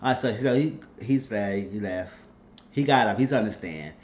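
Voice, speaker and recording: A man casually recapping a TV drama episode, animated and profane, acting out what the characters say. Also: fairly low pitch, moderate pace, muffled recording, a little hiss or hum. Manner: animated retelling, frequent cursing, acts out characters' lines. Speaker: TV episode reviewer.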